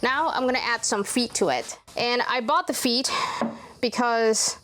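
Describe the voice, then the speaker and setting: A woman's voice: measured pace, soft background music. A woman chatting casually as she narrates a DIY woodworking project at home, thinking aloud and talking to her pets. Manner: chatty, talks to her pets in a high excited voice. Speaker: DIY vlogger.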